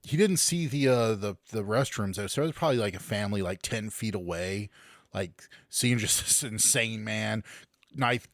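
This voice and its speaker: A man's voice: on the low side, normal speed, dry recording, clean studio sound. A man co-hosting a podcast in casual chat, making wry, laid-back remarks. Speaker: podcast co-host.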